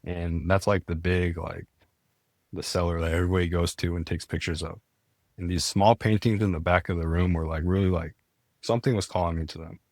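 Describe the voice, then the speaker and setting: Low-voiced young man telling his story. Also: fairly even intonation, a little fast, a little mellow, dry recording, clean studio sound. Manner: earnest, many "like" fillers and restarts. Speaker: podcast guest. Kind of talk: casual storytelling.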